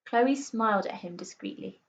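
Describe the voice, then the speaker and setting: A woman teacher reading a children's book aloud to pupils, expressive and playful. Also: mid-range voice, normal speed, gravelly. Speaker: primary school teacher. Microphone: recorded for an online class video. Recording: slightly muffled lo-fi recording.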